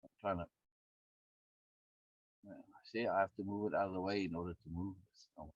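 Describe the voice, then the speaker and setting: A man leading a course in a conversational teaching style, rambling and repeating words, with his pitch swinging up and down. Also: steady tone, fairly quick, dry recording. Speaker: course instructor. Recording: dull lo-fi dry recording.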